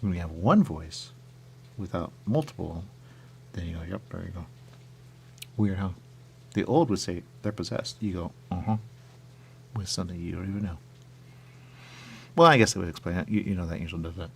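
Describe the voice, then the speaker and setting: A deep-voiced man with a gravelly edge hosts a radio show in casual chat. He rambles and muses aloud. A faint hum runs under the recording. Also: brisk, pauses often.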